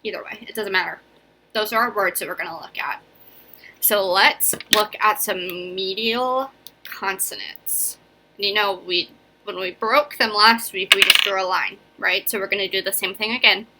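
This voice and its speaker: A woman's voice: medium pitch, moderate pace, noisy background. A young woman teaching a casual video phonics lesson, chatty and encouraging, often checking in with "right?" and "okay?". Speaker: elementary school teacher.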